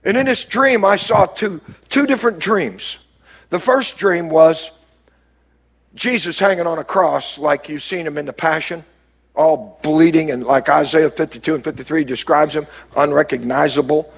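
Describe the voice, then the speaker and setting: A male pastor delivers a sermon in a slightly high, husky voice. He swings between loud, rising calls and quiet, low passages, stopping to ask the congregation for an answer. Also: moderate pace. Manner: preaching with sudden rises and drops, calls to the crowd.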